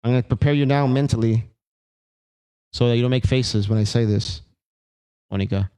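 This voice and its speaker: A man's voice: mid-range voice, moderate pace, dark tone, rough recording. A man coaching an ab workout, counting and cueing reps aloud in an encouraging way. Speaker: fitness instructor. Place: small home workout studio.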